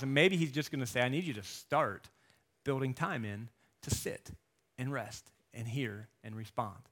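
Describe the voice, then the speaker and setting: A man in his thirties or forties preaching a sermon as a guest speaker and coach, telling stories and acting out quotes with lively energy. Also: mid-range voice, normal speed. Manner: animated storytelling, acting out quotes.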